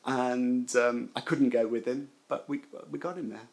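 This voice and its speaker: A man's voice: medium pitch, normal speed, creaky, hardly any pauses. An older man recounting memories of a friend frankly, acting out what people said. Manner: frank, animated, acts out quoted voices. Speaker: interviewee recalling friends. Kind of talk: emotional personal storytelling.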